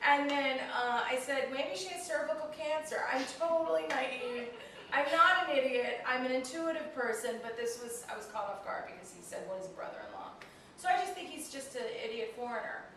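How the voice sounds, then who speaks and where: A woman in her thirties, a comedian, telling a story in a casual interview, animated and self-mocking, often laughing as she talks. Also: high-pitched, a little fast, a little hiss or hum. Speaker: comedian guest. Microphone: handheld flip video camera. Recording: echoey room from a distant camera mic.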